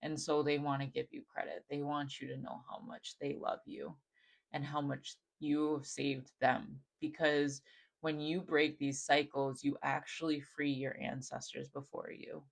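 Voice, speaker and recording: Gravelly, higher-pitched man, gentle channeler. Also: level tone, unhurried, poor audio. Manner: gentle, affirming, repetitive phrasing with many "like" fillers. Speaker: spiritual channeler reading for viewers. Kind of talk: channeled message spoken straight to the viewer.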